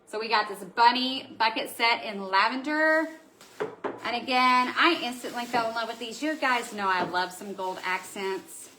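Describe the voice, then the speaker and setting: A woman's voice: a little high, normal speed, noisy background. A woman hosting a live craft supply show, chatty and gushing as she reads out viewer comments. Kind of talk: casual live-stream product showcase. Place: indoor room at home.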